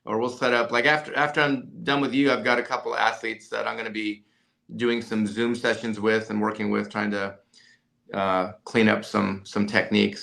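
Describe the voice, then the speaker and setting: A man who is a company CEO and coach, telling an animated story in a podcast interview, full of restarts and "right?" tags. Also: on the low side, vocal fry.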